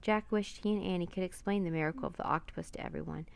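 Woman reading a storybook, gravelly edge. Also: fairly low pitch, quick pace, dry recording. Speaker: narrator. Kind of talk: storybook read-aloud.

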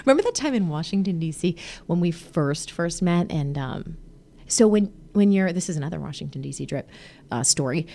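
A woman in her thirties hosting a podcast, chatting casually with her husband, animated with frequent laughs and fillers. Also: fairly low pitch, normal speed, vocal fry. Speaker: podcast host.

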